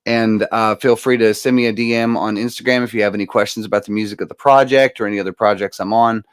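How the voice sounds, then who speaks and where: Earnest male guest speaker, low voice, dry close sound, rambling delivery. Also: fairly even intonation, fast, smooth, no echo. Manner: earnest, rambling with many fillers. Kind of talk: casual motivational speech.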